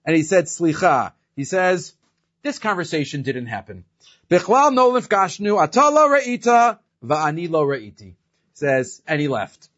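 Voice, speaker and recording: A man teaching an evening Torah class, telling stories, acting out the quotes and mixing Hebrew phrases into his English. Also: on the high side. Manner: animated storyteller who acts out the quotes; mixes Hebrew phrases into English and restates them. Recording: dull lo-fi recording.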